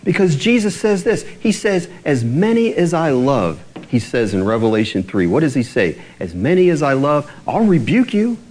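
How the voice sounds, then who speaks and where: A man preaching in a relaxed, conversational way, his pitch rising and falling widely from one phrase to the next. His voice sits a little higher than most men's. He keeps tossing rhetorical questions back to his listeners. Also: normal speed, few pauses, poor audio. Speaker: pastor. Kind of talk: sermon.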